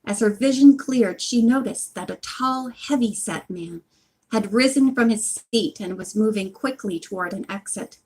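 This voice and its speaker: A woman's voice: medium pitch, normal speed, a little mellow, slightly rough. Chatty woman reading a book aloud. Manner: chatty, apologetic asides. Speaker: reader of a book series. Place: home.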